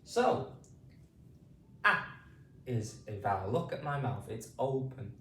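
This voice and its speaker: A British man teaching phonics, repeating drawn-out vowel sounds slowly for beginners. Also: mid-range voice, expressive, darkish tone, reverberant, distant mic, a little hiss or hum. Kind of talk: slow spoken pronunciation lesson.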